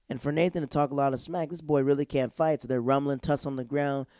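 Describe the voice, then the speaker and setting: Mellow-voiced man recapping a TV episode. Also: medium pitch, no echo, clean studio sound. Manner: animated, acts out character lines in quick put-on voices; laid-back slangy talk. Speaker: podcast host.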